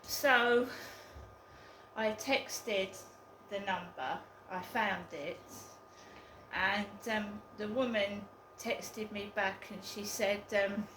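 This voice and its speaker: Slow, hesitant woman vlogging. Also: mid-range voice, roomy sound, noisy background. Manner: slow, hesitant, with many ums. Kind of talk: casual vlog storytelling.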